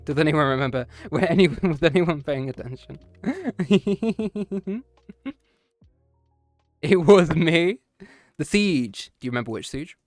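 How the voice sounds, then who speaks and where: A man's voice: on the high side, expressive, takes it slowly, long pauses, no room sound, faint music behind. A man streaming a casual chat with his viewers after a history lesson, playful and teasing, often slipping into meows and growls.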